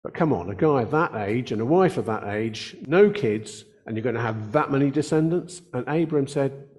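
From the pulpit, an older man preaches an earnest sermon in a mid-range, darkish voice with lively intonation. His delivery is easygoing and conversational, deliberately slowing to emphasize the words that count.

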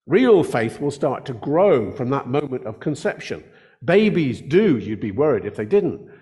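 Older man, pastor, earnest sermon delivery, slows to stress key words. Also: medium pitch, sing-song, darkish tone.

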